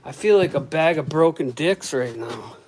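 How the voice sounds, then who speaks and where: A man's voice: a little high, lively intonation, normal speed. Profane, rambling man in a noisy workshop. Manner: profane, rambling, loud outbursts and groans. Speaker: woodworker vlogger. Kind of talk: casual workshop talk to camera.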